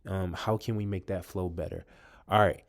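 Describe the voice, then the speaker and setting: Low-voiced man rambling through book picks. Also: steady tone, normal speed. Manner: rambling, many ums and restarts; addresses viewers as "you guys". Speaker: vlogger reviewing books. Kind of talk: casual talk to camera.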